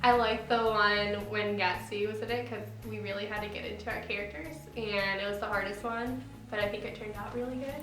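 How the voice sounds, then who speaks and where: A woman's voice: medium pitch, fairly even intonation, brisk, hardly any pauses, fairly bright tone. Cheerful woman in an echoey room. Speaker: cast member playing Daisy. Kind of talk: casual interview answers. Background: background music.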